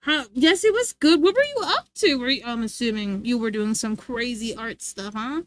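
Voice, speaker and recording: A woman's voice: on the high side, expressive, moderate pace. A woman streamer chatting casually and playfully with her live chat, laughing often.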